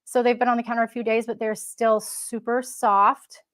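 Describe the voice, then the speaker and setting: A woman's voice: a little high, little pitch movement, moderate pace, fairly bright tone. A woman hosting a casual live stream, talking in a chatty, rambling way with frequent restarts. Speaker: host.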